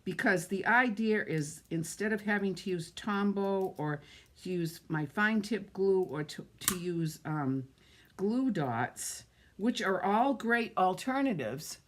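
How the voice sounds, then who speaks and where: A woman's voice: mid-range voice, lively intonation, takes it slowly, slight background noise. A woman with a Boston-area Massachusetts accent, chatting casually through a live card-making demo and greeting viewers by name. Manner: chatty, greets viewers by name, thinks aloud while working. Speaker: card-making livestream host.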